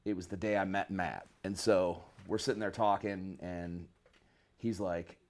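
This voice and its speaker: Man from northern Michigan, low voice, laid-back rambling storyteller, slangy interview guest. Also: steady tone, unhurried. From northern Michigan, USA. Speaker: guest musician, bass player.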